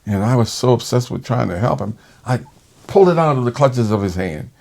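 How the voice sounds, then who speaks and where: A man who works as a respiratory therapist, telling a personal story in conversation in an animated way. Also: mid-range voice, fairly quick, gravelly. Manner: animated, acts out quoted voices.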